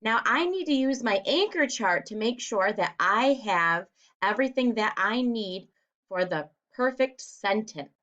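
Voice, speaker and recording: A woman teacher speaks slowly and deliberately, the way you talk to young children learning to write. Her voice sits a little high. The recording is dull and lo-fi. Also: animated, a bit bright. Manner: slow, deliberate, encouraging classroom delivery.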